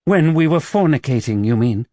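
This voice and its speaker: A woman's voice: extremely low pitch, animated, normal speed, warm tone, no room sound, voice pushed up. A man voicing a proud, wary young widow who works as a paid companion, speaking tensely and defensively in an audiobook.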